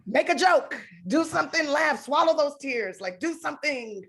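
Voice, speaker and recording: A woman in her thirties tells a story on a talk show, comedic and expressive. She acts out the exchanges she describes with lively, shifting delivery. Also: high voice, moderate pace. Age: 30s. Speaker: actress, guest.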